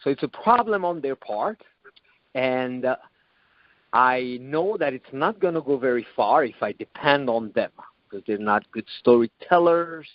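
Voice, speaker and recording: A man lays out his coaching ideas in a deliberate, measured way, now and then dropping a swear word. His pitch sits mid-range. The recording is dry and a little dull. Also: animated, dry recording. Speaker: podcast host and coach. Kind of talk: teaching explanation.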